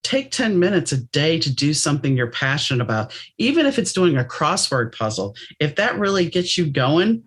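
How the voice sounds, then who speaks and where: A woman from New Orleans hosting a podcast, chatting in a reflective, animated way. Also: low-pitched, normal speed, hardly any pauses, breathy edge. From New Orleans, USA. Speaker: podcast host. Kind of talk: casual interview chat.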